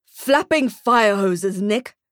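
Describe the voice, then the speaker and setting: A man's voice: high-pitched, lively intonation, takes it slowly, fairly bright tone, dry recording, clean studio sound, heavily acted. Blustering male mall manager, emphatic, read by a woman narrator; audiobook.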